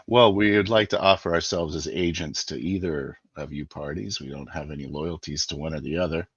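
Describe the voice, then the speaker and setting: A man's voice: very deep voice, brisk, breathy edge, no room sound, highs cut off. A man playing his character in a tabletop game, persuasive and haggling, with fillers. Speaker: player. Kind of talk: in-character tabletop role-play.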